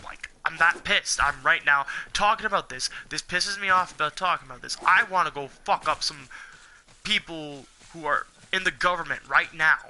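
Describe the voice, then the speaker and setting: Angry ranting young man, bright voice. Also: a little high, normal speed, slight background noise. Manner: heated, profane, rambling. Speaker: gaming channel host.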